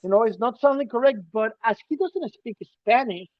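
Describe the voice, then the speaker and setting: A man co-hosting a casual podcast, emphatic and ranting, swinging between loud bursts and quiet asides. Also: extremely high pitch, expressive, fairly quick, no echo. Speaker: podcast co-host. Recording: dull, dry lo-fi sound.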